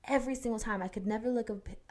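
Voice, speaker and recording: A woman's voice: a little high, rapid-fire, a little mellow. Candid young woman telling a story. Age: young adult. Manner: candid storytelling, many fillers and restarts. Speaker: podcast co-host. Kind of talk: casual chat.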